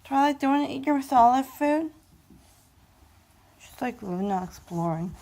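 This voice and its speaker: A young woman vlogging at home on a handheld phone, chatting to her baby in a playful voice that jumps to high squeals, sounding dizzy and unwell. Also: animated, moderate pace, pauses often, dark tone, slight background noise. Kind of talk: casual home vlog talking to her baby. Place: home room indoors. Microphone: handheld phone camera.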